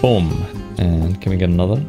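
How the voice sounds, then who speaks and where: A man's voice: low-pitched, normal speed, over music. A young man giving casual, swear-laden gameplay commentary with playful sound effects. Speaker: gaming streamer.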